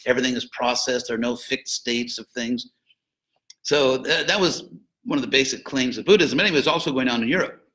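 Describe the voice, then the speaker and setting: An older man, speaking as a spiritual teacher, gives students a relaxed, conversational lecture full of joking asides and lively emphasis. His pitch is medium, and the recording quality is low.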